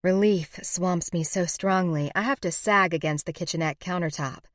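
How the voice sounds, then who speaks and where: Low-voiced woman narrating a romance. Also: moderate pace, no room sound, clean studio sound. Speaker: audiobook narrator. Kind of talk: scripted first-person narration.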